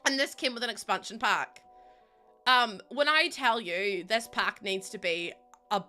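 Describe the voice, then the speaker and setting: A woman's voice: mid-range voice, measured pace, pushed and bright, faint music behind. A young woman streamer chatting bubbly with her viewers while building in a game, laughing often.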